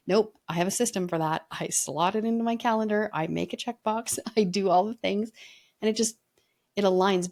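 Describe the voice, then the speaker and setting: A woman's voice: mid-range voice, darkish tone. A woman leadership coach talking in an earnest, reflective way, telling stories in a casual podcast conversation.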